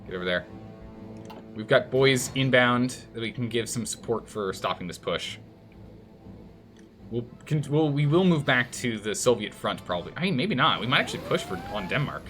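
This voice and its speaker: A man's voice: mid-range voice, lively intonation, normal speed, fairly bright tone, soft background music. A man streaming a strategy game and commenting live, thinking aloud and scolding the game's nations in mock outrage.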